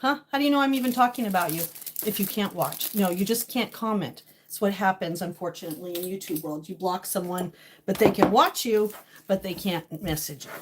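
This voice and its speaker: Speaking in a mid-range voice over slight background noise, a woman streams live from her kitchen at home. She addresses viewers in chat by name and talks through her emotions, venting casually.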